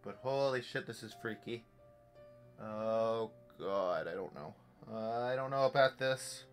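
A man's voice: lowish voice, a little slow. A young man giving live commentary on a virtual reality horror game, jumpy and jokey, swearing as he talks to himself. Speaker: gameplay streamer. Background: faint game music.

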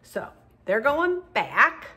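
A woman's voice: high-pitched, sing-song, drawn-out words, sharp tone. A middle-aged woman talking casually for her diet vlog from her parked car, chatty, with fillers and self-corrections. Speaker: vlogger.

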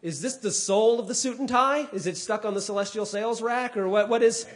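A man, a comedian, speaking casually to a live audience, acting out people's lines with big pitch jumps and dropping low for asides. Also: expressive, very fast. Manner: drops to a quieter, lower voice for asides. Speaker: comedian giving a talk.

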